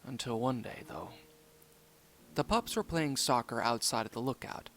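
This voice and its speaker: A man's voice: mid-range voice, expressive, moderate pace, a bit bright, slight background noise. Man reading a horror story aloud. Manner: plain storytelling with small slips and self-corrections. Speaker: narrator.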